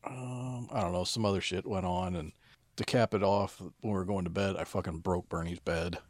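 A man's voice: low voice, fairly even intonation, moderate pace, no room sound. A man in his thirties, co-hosting a podcast, telling stories in a casual, profane way. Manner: profane, storytelling, acts out kids' voices. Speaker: podcast co-host. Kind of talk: casual chat.

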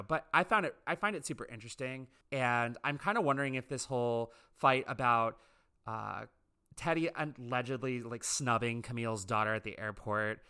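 Male commentator, gossipy and opinionated, crisp and bright. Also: medium pitch. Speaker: reality TV commentator. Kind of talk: casual commentary monologue.

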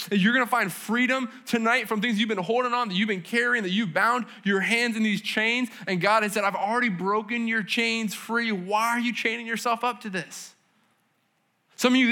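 Bright-voiced man preaching casually. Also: high-pitched. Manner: casual, conversational preaching with slang and audience questions. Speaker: pastor. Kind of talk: sermon. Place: church service.

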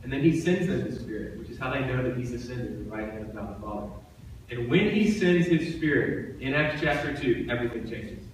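A man's voice: mid-range voice, expressive, fairly quick, recorded from a distance, slight background noise. A man giving a sermon as pastor, preaching in a conversational way and repeating phrases for emphasis. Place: church sanctuary. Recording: echoey church hall from off-mic.

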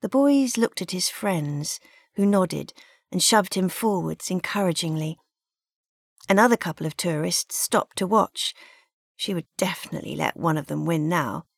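Woman, audiobook narration, lowish voice, measured delivery, dry close-miked sound. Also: lively intonation, gravelly, no echo.

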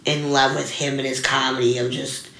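Chatty young woman, bright roomy sound. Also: rumbling low, moderate pace. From US mountain region. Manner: chatty, many likes, animated quoted voices. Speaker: guest comedian. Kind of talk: casual interview storytelling. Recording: roomy echo.

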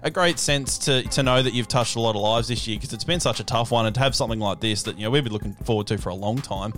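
A man's voice: mid-range voice, quick pace, fairly bright tone. A man co-hosting a casual interview, chatty and rambling. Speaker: co-host.

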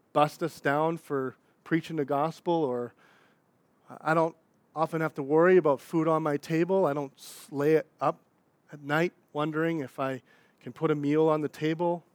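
High-voiced, animated preacher. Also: male voice, no echo. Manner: conversational, animated preaching with asides and acted quotes. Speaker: pastor. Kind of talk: sermon.

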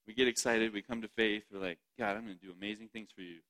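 Man, preacher, lowish pitch, bright forceful tone, chatty sermon delivery with laughs. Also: steady tone, fast, poor audio. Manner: chatty, laughs often, asks the audience "right?".

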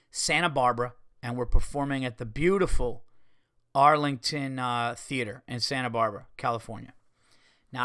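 A man's voice: mid-range voice, a bit bright, smooth, no echo, studio quality. A man hosting a podcast, telling a story casually and animatedly, swearing, acting out what people said and making sound effects. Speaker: podcast host and comedian.

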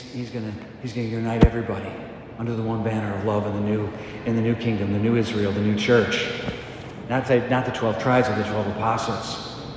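A man's voice: mid-range voice, darkish tone. Guy priest giving a homily, chatty, big echoey church, some hiss behind. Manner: conversational, acts out biblical voices. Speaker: parish priest. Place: large church.

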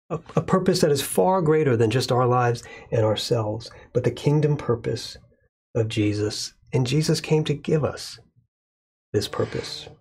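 A male pastor delivering a sermon in a measured way, slowing down to stress key words. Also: mid-range voice, darkish tone, slightly rough.

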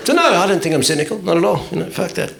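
A male stand-up comic rants and swears, his pitch swinging widely and his voice gravelly. He sounds exasperated throughout. It is a live recording with noise and crowd laughter behind him. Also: big pitch swings, racing. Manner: profane, ranting, exasperated. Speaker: stand-up comedian. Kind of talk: stand-up comedy set. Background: audience laughter.

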